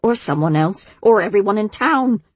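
A woman reading the lines of an ancient, kindly old witch who fusses and frets, in a soft, husky voice. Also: medium pitch, expressive, moderate pace, no echo. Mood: worried.

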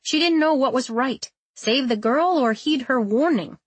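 A woman reading a novel aloud as narrator, in a steady, measured way. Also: high-pitched, husky, no echo. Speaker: audiobook narrator. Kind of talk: scripted narration.

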